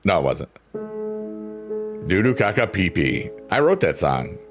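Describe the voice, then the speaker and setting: A man with a very low, deep voice that swings widely in pitch as he rambles playfully to his live stream chat. He laughs often and keeps the talk loose and casual. Soft piano plays faintly behind him. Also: big pitch swings, a little slow. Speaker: livestreamer.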